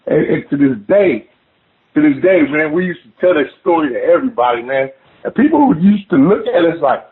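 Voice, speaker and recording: A man casually telling a scary story of his own, animated and swearing, saying "man" at every turn. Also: on the high side, moderate pace. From Oklahoma. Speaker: guest telling an encounter story. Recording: phone-line call audio.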